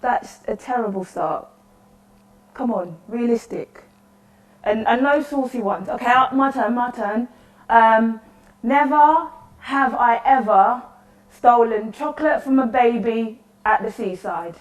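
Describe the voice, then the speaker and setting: In an echoey room, heard from a distance, a slightly high-voiced woman delivers a lightly acted solo interactive theatre monologue at a measured pace. She plays a lonely, chatty woman at the end of the world, rambling, apologizing and staying nervously cheerful throughout.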